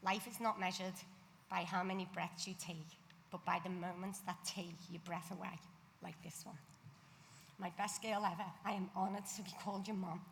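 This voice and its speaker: A woman speaks as a loving mother at a ceremony, tender and affectionate. Her voice is a little low for a woman. It echoes through a large sanctuary with faint noise behind. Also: little pitch movement, moderate pace, gravelly, a bit bright. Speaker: mother of the bat mitzvah girl. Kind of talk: parent's speech read at a ceremony. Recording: reverberant hall, faint background noise.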